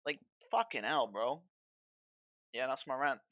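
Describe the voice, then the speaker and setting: A man's voice: mid-range voice, lively intonation, unhurried, fairly bright tone. A young man streaming games at home, ranting to his chat in a restless, profane way and often trailing off to restart. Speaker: game streamer.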